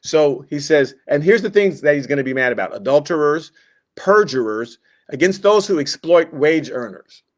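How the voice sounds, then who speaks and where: A man's voice: on the high side, lively intonation, moderate pace. A man teaching a Bible class in a casual, conversational way, with joking asides and quoted voices acted out. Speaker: Sunday school teacher.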